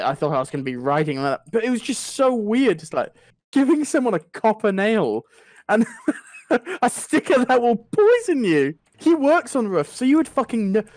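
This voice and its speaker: A young man telling a funny anecdote in a casual chat, animated and swearing freely. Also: high-pitched, no room sound, studio quality. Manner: animated, swearing, laughing through the story. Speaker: podcast storyteller.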